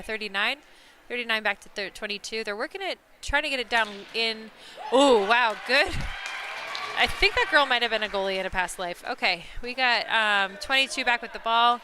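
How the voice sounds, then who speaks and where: Woman play-by-play caller, high and bright, excitable, talks straight to the viewers. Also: normal speed, some chatter behind, slight background noise. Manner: excitable, laughs and exclaims at big plays; chatty, talks to viewers watching online. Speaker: play-by-play commentator. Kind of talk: live sports commentary.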